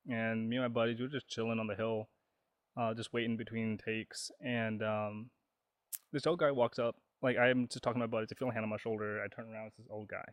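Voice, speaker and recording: Young man telling a lively story. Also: on the low side, a little fast, dry recording. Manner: animated storyteller acting out quoted dialogue. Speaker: podcast guest, background actor. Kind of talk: casual storytelling chat.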